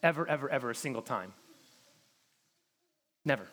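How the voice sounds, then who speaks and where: A man's voice: medium pitch, expressive, moderate pace, a bit bright. A man preaching a sermon in an earnest, direct way, often repeating words for emphasis. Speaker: pastor.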